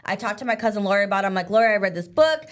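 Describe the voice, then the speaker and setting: A young woman co-hosting a casual live show, chatty and animated, full of "like" and quick laughs. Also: mid-range voice. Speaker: co-host.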